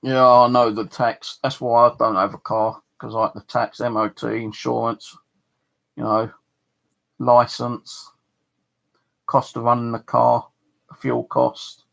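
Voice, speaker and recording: Man, middle-aged, southeast English accent, gravelly voice, rambling, swears a lot, chatty storytelling. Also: mid-range voice, flat delivery, takes it slowly, long pauses, a bit bright. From southeast England. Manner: rambling, swears freely, many fillers. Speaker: channel host. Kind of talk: casual storytelling to camera.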